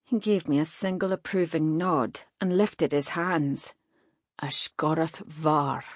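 Low-voiced woman reading a fantasy audiobook. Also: a little slow, no room sound, studio quality. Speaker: audiobook narrator. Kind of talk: first-person fantasy audiobook narration.

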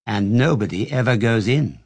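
A man gives voice to a frail old grandfather who lies in bed and loves telling tales. He speaks low and hushed, as if sharing a secret. The reading sounds close and dry, with no room around it. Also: animated, normal speed, breathy edge, no echo. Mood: secretive. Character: very old bedridden grandfather, eager storyteller. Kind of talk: audiobook reading.

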